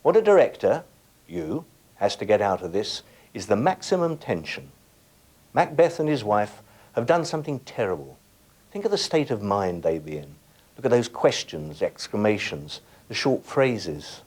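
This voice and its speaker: Husky-voiced man teaching with lively pitch. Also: moderate pace. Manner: instructive, addresses viewers directly with tasks. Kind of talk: scripted educational presentation.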